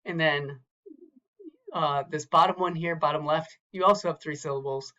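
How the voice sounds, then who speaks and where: A man's voice: on the high side, fairly even intonation, moderate pace, bright, forceful tone, highs cut off. A man teaching a recorded lecture from slides, carefully sounding out words syllable by syllable and repeating them. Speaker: Hebrew teacher.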